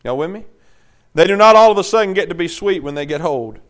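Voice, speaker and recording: A man's voice: high-pitched, expressive, fast. A man preaching a sermon in a conversational way, often checking in with his congregation.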